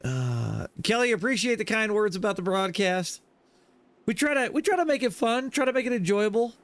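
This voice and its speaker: A man from Michigan hosting a live sim racing broadcast, loose and joking, laughing often. His slightly high voice swings widely up and down as he calls the race and chats. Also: sing-song, moderate pace, a bit bright, no room sound. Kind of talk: casual live race commentary and banter.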